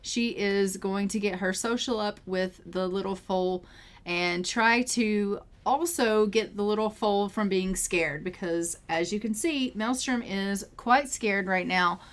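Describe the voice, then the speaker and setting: A woman's voice: medium pitch, a little slow. A woman narrating her life-simulation game as a story, describing what her characters do in a chatty, easygoing play-by-play. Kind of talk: storytelling gameplay commentary.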